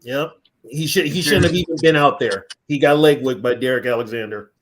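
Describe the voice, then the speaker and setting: A man's voice: medium pitch, a little fast. A man co-hosting a sports podcast, teasing and cutting in. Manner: teasing, interjecting. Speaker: podcast co-host. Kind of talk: casual sports banter.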